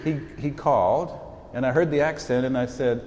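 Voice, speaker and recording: Sixty-something bishop chatting to students, folksy stories, mellow low voice, echoey hall with faint background ambience. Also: male voice, moderate pace, slight background noise. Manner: folksy storytelling, warm asides. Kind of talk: informal address to students.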